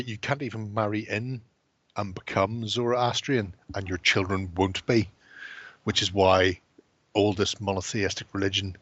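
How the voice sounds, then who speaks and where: A lower-voiced man chatting loosely on a late-night hobby stream, wandering off topic and swearing freely. His voice sounds close and dry, with slightly dull, lo-fi stream audio. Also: a bit bright, dry recording. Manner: sweary, rambling, laughs often. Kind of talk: casual late-night chat.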